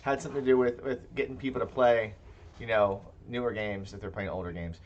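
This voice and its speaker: A man's voice: mid-range voice, fairly even intonation, brisk, dull audio, a little hiss or hum. A man co-hosting a casual tabletop gaming podcast, talking in rambling, self-interrupting chat. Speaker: podcast co-host.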